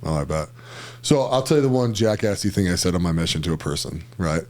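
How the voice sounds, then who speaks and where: A man's voice: deep voice, animated, fast talker, darkish tone. A man who is a guest on a podcast, telling stories in casual chat, laughing often and acting out other people's lines. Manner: laughs often mid-sentence.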